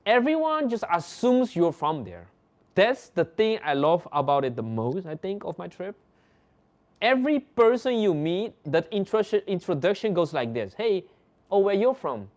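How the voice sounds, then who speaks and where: A man's voice: sits high, big pitch swings, normal speed. A man whose first language is Dutch, hosting a livestream and telling casual stories in English. He laughs often and acts out other people's lines. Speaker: livestream host. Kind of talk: casual storytelling.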